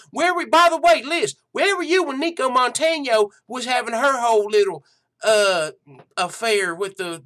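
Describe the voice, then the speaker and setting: A man doing a brash, teasing hillbilly show host with an exaggerated country drawl. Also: bright, forceful tone. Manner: high, brash, teasing, calls people honey and sweetie. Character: loud sassy hillbilly man hosting a fight show. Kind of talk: comic impression.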